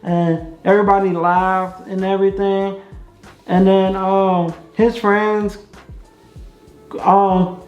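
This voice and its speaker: A woman's voice: medium pitch, level tone, takes it slowly, long pauses. A young woman vlogger telling a casual story, chatty and repetitive with many fillers. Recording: echoey room, dull sound, faint music.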